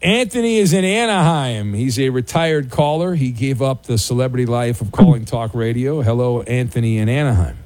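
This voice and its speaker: A man's voice: medium pitch, lively intonation, moderate pace, few pauses, a little mellow. A man hosting a sports call-in radio show, bantering sarcastically with callers and stumbling over restarts. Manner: sarcastic, teasing, stammering restarts. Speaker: sports talk radio host.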